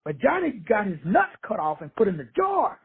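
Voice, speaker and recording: A man's voice: high voice, wildly swooping pitch, moderate pace, husky. A middle-aged man giving a blunt, profane, streetwise motivational talk over a call. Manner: profane, brash, streetwise preaching. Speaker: motivational teacher. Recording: phone-line call audio.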